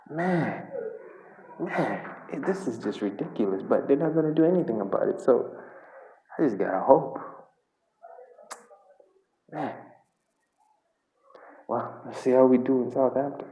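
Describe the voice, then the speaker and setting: A man's voice: medium pitch, expressive, unhurried, long pauses, warm tone, slight background noise. A man from Uganda, a football fan vlogger, venting in an exasperated, repetitive reaction rant. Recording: echoey room.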